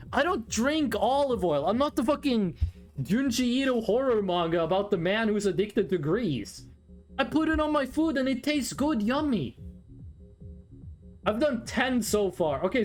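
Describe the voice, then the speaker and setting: A young adult streamer telling long, wandering stories in a chatty, profane way. The pitch swings widely up and down, and faint music plays underneath. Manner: rambling, animated storytelling, swearing. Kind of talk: casual chat with chat readers.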